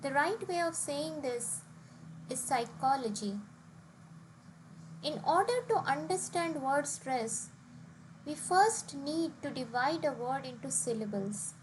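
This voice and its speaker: A woman's voice: sits high, measured pace, a little hiss or hum, poor audio. A young woman teaching pronunciation rules in a methodical, step-by-step way, giving example after example. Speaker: language test tutor. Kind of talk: instructional explainer.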